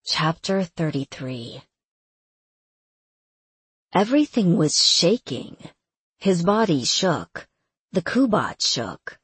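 A woman narrating a fantasy audiobook in a measured, steady manner. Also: fairly low pitch, slightly rough, dry recording. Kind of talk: scripted narration.

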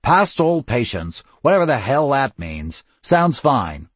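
A man voicing a blunt, brawny ancient male vampire, speaking rough and forceful. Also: medium pitch, sing-song, moderate pace, dry recording. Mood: gruff.

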